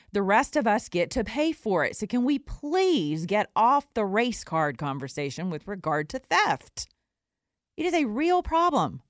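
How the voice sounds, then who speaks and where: A woman who lives in Atlanta, a recording artist who hosts her own talk show, delivers an opinion monologue in a lowish voice. She rants bluntly with sarcastic asides, and the recording is studio quality with no echo.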